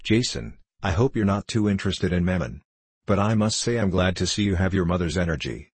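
A man reading the part of a grave, gently amused preacher father in a storybook. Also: low-pitched, brisk, slightly rough, no room sound.

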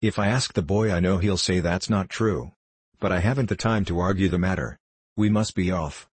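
A patient older showman, gentle and unhurried, as a man narrating voices him. His deep voice has a husky grain. The sound is dry and close, like a storybook reading. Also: no room sound. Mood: firm.

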